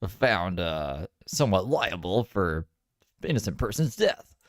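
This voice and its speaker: Deep-voiced man making mocking asides. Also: very animated, unhurried, no room sound, clean studio sound. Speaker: commentary host. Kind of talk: reaction commentary.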